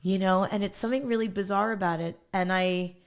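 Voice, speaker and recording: A woman's voice: medium pitch, fairly even intonation, a little fast, clean tone. A woman in her thirties, a podcast guest, telling her story bluntly and candidly, laughing often.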